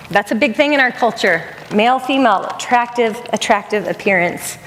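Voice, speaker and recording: Middle-aged woman, higher voice, earnest chapel talk, long hall echo. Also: slight background noise. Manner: earnest and conversational, repeats phrases for emphasis. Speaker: chapel speaker. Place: college chapel.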